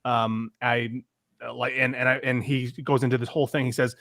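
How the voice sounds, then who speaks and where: A man co-hosting a casual political talk show, telling an animated story about an online exchange. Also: mid-range voice, brisk, creaky, no room sound, clean studio sound. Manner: animated storyteller, reads out messages. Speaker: podcast co-host.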